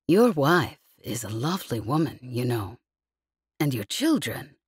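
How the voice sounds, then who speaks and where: A woman narrator plays a smug male mafia thug in an audiobook, speaking with false friendliness that hides a threat. The voice is low and husky, recorded close and dry. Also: sing-song, measured pace, no echo, full character voice.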